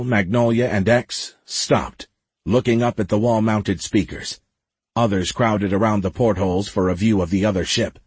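Male audiobook narrator, husky, low voice, dry close sound, steady dramatic reading. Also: dry recording. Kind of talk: scripted narration.

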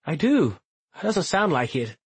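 A man's voice: a little high, very animated, a little slow, husky, no room sound, pitched above the performer's own voice, heavily acted. A male audiobook narrator voicing a guarded, wry young man who answers tersely and defensively. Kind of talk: audiobook character voice.

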